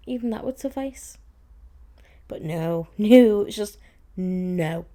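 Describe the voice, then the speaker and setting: A young woman hosts a casual podcast and tells a story in a mellow, warm voice. She talks in loose, chatty sentences full of "like" and sounds a little exasperated. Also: fairly high pitch, expressive, unhurried. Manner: chatty and exasperated, with frequent "like" fillers. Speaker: podcast host.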